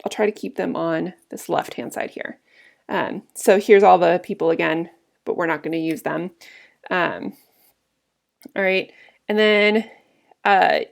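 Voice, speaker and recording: A woman's voice: mid-range voice, creaky. A woman teacher casually walking students through a play scene, explaining lines with frequent fillers. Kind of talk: recorded lesson explaining a play.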